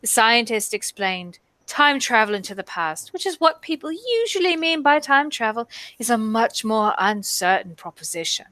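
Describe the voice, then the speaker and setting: A woman co-hosting a stream, reading a news article aloud with wry, deadpan asides. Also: fairly high pitch, normal speed, hardly any pauses, no echo.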